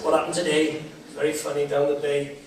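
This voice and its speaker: Chatty comedian on a stage. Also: male voice, fairly high pitch, little pitch movement, fairly quick, slight background noise. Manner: chatty storytelling with asides. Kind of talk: stand-up comedy. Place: theatre stage. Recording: echoey theatre from far off.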